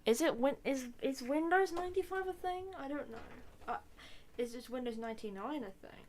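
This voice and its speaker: A young woman streaming a game, chatting playfully and rambling with loud exclamations. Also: high-pitched, animated, a little fast, slight background noise. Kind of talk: casual live gameplay commentary.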